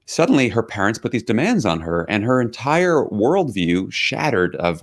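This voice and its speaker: A man's voice: lowish voice, sing-song, fairly quick, hardly any pauses. A middle-aged man, an author as interview guest, telling reflective stories with quoted dialogue. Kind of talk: interview conversation.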